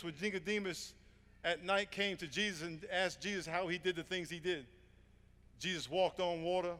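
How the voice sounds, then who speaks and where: Preacher, man in his 50s: high voice, fervent storytelling, hall reverb. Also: fairly bright tone. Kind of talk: evangelistic sermon. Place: large room with audience.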